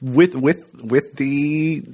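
A man's voice: fairly high pitch, very slow, warm tone, breathy edge. A man co-hosting a casual podcast, talking in a rambling, swearing way full of fillers and restarts. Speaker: podcast co-host.

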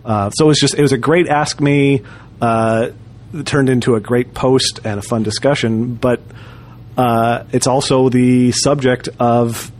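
A man's voice: medium pitch, fairly even intonation, measured pace. Guy rambling on a podcast, lots of uh and you know, restarts a ton. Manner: rambling, many fillers and restarts. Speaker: podcast co-host. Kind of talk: casual chat.

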